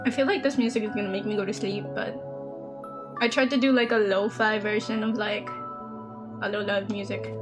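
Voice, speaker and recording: A young woman streaming a game, chatting casually and self-mockingly with her viewers and herself while soft lo-fi music plays behind her. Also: mid-range voice, steady tone, a little fast. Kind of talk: casual live-stream chat while gaming. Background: soft lo-fi background music.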